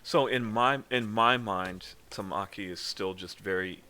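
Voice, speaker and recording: A man runs a tabletop role-play game and narrates the scene with a bright, forceful voice. He jokes about himself and keeps things casual. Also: lowish voice, unhurried. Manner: joking, self-deprecating. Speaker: game master.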